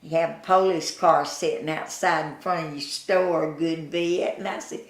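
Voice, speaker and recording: This older woman, with her Southern US accent, shares folksy stories in an oral history interview, slowly and with chuckles, performing the voices she quotes. Her voice sits low with fairly even intonation, heard in an echoey room.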